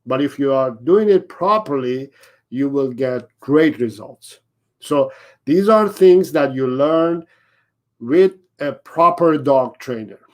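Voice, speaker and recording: Dog trainer, male, unhurried live talk, slightly high voice, repeats himself to drive points home. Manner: repetitive, acts out owners and dogs in quick asides.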